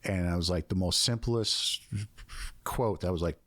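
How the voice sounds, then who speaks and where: A man's voice: low voice, measured pace, fairly bright tone, dry recording. A man who is a guest on a podcast, explaining ideas in a casual, earnest and reflective way. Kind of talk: casual conversation.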